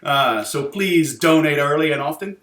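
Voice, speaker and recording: A man's voice: on the high side, expressive, moderate pace, a bit bright, echoey room. A man hosting a podcast interview, joking and teasing his guest in casual chat. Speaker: podcast host.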